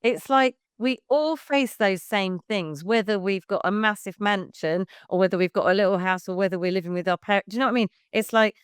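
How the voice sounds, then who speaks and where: A woman's voice: mid-range voice, fairly quick, few pauses, clear, resonant tone, dry recording, studio quality. A woman in her fifties, a baby music class leader, chatting frankly as a podcast guest and swearing casually. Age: 50s.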